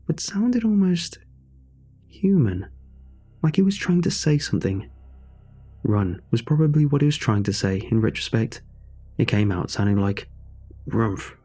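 A man narrating a horror story in a measured, suspenseful way. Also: medium pitch, mellow, slightly rough.

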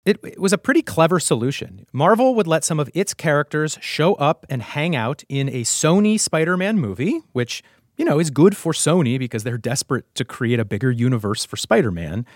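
Lively higher-voiced male host. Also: brisk, no echo, clean studio sound. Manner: animated, acts out quotes. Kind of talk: conversational podcast narration.

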